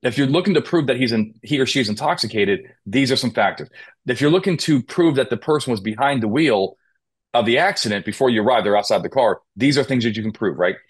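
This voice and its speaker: Man, mid pitch, emphatic legal trainer on an interview podcast, asks rhetorical questions. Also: lively intonation, quick pace, slightly rough. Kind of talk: conversational interview. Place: Las Vegas.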